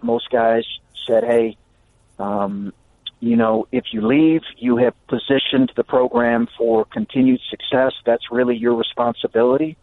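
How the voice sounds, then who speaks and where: A man, a coach and radio guest, answering at length over the phone in an earnest, halting way with many fillers and restarts. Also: mid-range voice, vocal fry. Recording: tinny phone line on a radio broadcast.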